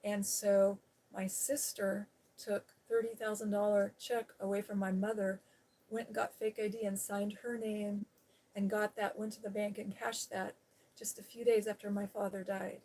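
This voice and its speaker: This live stream host shares a personal story in a candid, rambling casual chat, saying "you know" often and laughing now and then. Her mid-range voice is mellow and level, at normal speed.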